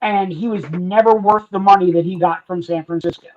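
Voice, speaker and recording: A man's voice: sits high, fairly even intonation, a little fast, a little hiss or hum. A man co-hosting a casual sports podcast, making emphatic points and leaning on "I mean". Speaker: podcast co-host. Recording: dull lo-fi audio.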